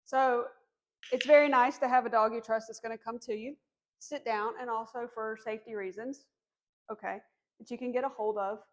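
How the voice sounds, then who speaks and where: A woman dog trainer calmly explaining commands during a demonstration, encouraging and firm on cues. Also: fairly high pitch, normal speed. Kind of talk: instructional demonstration.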